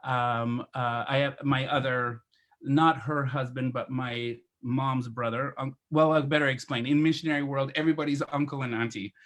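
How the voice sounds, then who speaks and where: A man's voice: mid-range voice, normal speed. A man who grew up in India, a photographer and podcast guest, telling stories in a casual interview and acting out the voices in them. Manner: animated storyteller who acts out voices in his anecdotes.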